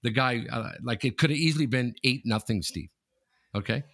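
A man co-hosting a casual sports podcast, talking in an animated, repetitive way, often tossing in "okay?" and swearing freely. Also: medium pitch, moderate pace. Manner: animated and repetitive, keeps saying "okay?" and the host's nickname. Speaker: podcast co-host.

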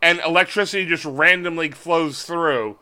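A man's voice: fairly high pitch, normal speed, sharp tone, smooth. A man co-hosting a podcast, bantering casually and playfully stubborn in his jokes. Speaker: podcast co-host.

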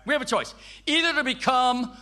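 An older man preacher giving a personal testimony sermon, emphatic, at times dropping into soft low tones. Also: fairly quick, a little hiss or hum.

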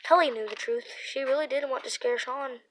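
A woman's voice: high voice, brisk, rough recording. A woman narrating a children's story aloud, reading it through with small restarts and repeated words. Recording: faint background noise.

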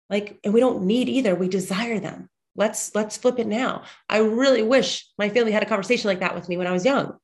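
A lively woman in her thirties talks straight to her listeners, weaving chatty family stories into a motivational pep talk. She sounds a little stuffed up, and she speaks bluntly, even swearing now and then. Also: mid-range voice, brisk, few pauses. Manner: animated, chatty storyteller, blunt and profane at times. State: slightly congested. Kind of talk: motivational monologue with personal stories.

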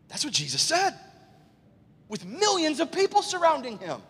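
A man preaching an excitable, animated sermon as pastor in a church sanctuary. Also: extremely high pitch, moderate pace, pauses often. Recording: long church hall reverb.

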